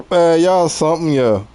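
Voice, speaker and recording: A Louisiana man in his forties with a Southern accent streams a game, chatting easily with his viewers and laughing often. His voice sits on the high side with a warm tone, and his manner is laid-back.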